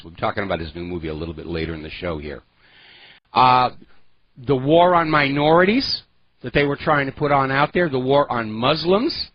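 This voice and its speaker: A man's voice: a little high, animated, normal speed, dull audio, a little hiss or hum. A man hosting a political talk radio show, delivering an opinionated, sarcastic monologue with heavy emphasis.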